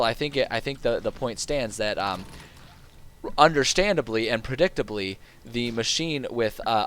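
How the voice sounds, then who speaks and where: A man's voice: mid-range voice, fairly bright tone. A man streaming a game live, talking casually and rambling with lots of fillers. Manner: rambling and chatty, with many fillers.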